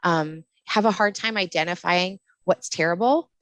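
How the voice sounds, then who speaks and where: A middle-aged woman, a postpartum doula, talking in a casual podcast interview, passionate and animated, laughing often. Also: on the low side, moderate pace, no room sound. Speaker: postpartum doula and lactation counselor.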